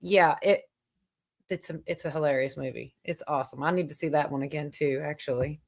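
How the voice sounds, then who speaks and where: A woman's voice: sits low, fairly even intonation, brisk. A woman hosting a casual livestream chat, rambling with lots of fillers and frequent laughter. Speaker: livestream host.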